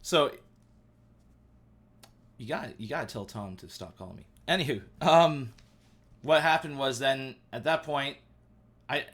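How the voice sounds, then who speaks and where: A man in his thirties chatting on a live stream from home, rambling and excitable, full of "um" and "like". His pitch sits in an ordinary middle range. He talks loosely and eagerly, like a friend telling a story. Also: a little slow, pauses often. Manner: rambling and excitable, heavy on fillers. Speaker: livestream host. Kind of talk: casual live-stream chat.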